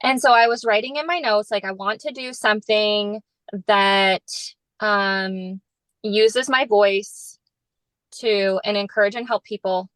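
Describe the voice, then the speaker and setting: A woman co-hosting a podcast, telling a story in casual chat with lots of "like" and lively quoted asides. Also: unhurried, dry recording, rough recording. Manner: animated storyteller, heavy use of "like", jumps high when quoting others. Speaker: podcast co-host.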